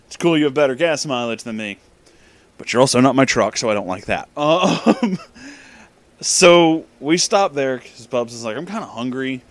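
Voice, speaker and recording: A young man spins a rambling anecdote in a relaxed vlog voice. He curses freely and keeps cracking himself up as he goes. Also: mid-range voice, normal speed, dry recording. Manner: profane, laughs often. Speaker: vlogger. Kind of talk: casual storytelling.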